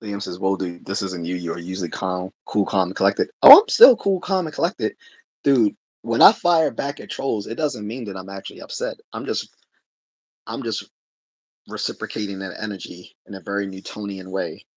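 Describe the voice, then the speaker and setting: Livestream host, male, low husky voice, relaxed talky delivery with lots of restarts. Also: moderate pace, dry recording. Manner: conversational, laughs often, many restarts. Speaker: livestream host answering chat. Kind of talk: casual livestream chat.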